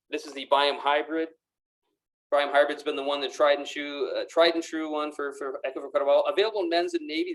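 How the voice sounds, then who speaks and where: A man's voice: fairly high pitch, fairly bright tone, poor audio. Upbeat golf shop salesman. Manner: upbeat salesman, gushing praise with frequent fillers. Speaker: golf pro shop presenter. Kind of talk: live product demonstration. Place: golf club pro shop with racks behind.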